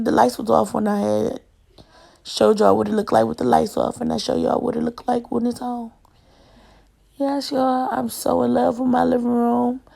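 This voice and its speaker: Woman, casual home tour chat, rambling, gravelly fry. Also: fairly high pitch, dark tone. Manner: chatty, rambling, keeps addressing viewers as y'all. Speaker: home decor vlogger.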